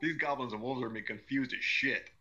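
A man's voice: medium pitch, fast talker, pushed and bright, muffled recording. A man playing a tabletop game, chatting in a casual, laid-back way. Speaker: player.

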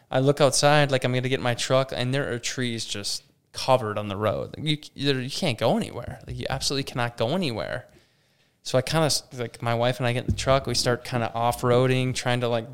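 A man's voice: mid-range voice, clear, resonant tone. A young adult man, a campground operations manager, telling a story in a conversation and acting out what people said. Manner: animated, retells with quoted voices and many "like"s.

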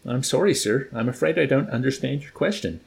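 A man's voice: medium pitch, lively intonation, brisk, vocal fry, voice pushed up. A man reading aloud and voicing a timid young cadet who answers meekly and politely. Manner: meek, polite, nervous.

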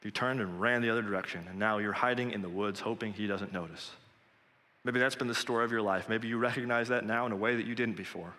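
A man's voice: fairly low pitch, steady tone, fast talker, bright, forceful tone, in a large hall. A man preaching a sermon in an earnest, direct and conversational way, speaking straight to his listeners.

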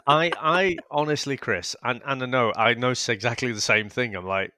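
A man's voice: mid-range voice, moderate pace, pushed and bright, no echo, clean studio sound. A man co-hosting a casual film review podcast, rambling and laughing as he talks. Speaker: podcast co-host.

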